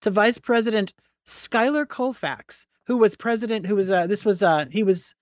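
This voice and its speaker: A woman co-hosting a talk radio show, chatty and opinionated, laughing as she goes. Her voice sits at a middle pitch, recorded close and dry on a studio mic. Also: moderate pace, no echo. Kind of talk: casual political talk radio chat.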